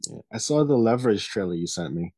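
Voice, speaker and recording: A man's voice: fairly low pitch, animated, fast talker, darkish tone, no room sound, clean studio sound. A man co-hosting a podcast in a laid-back, casual way, mostly giving short replies. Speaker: podcast co-host. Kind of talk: casual chat.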